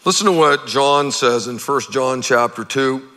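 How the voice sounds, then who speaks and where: A middle-aged man preaching a sermon as pastor, conversational and animated, acting out quotes. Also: medium pitch, measured pace. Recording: long hall reverb.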